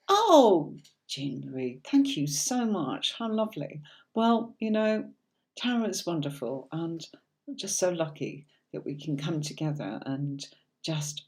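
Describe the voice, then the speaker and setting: A woman with a deep, darkish voice and a British accent teaches tarot on a live stream. She addresses viewers directly, often saying um and starting sentences over.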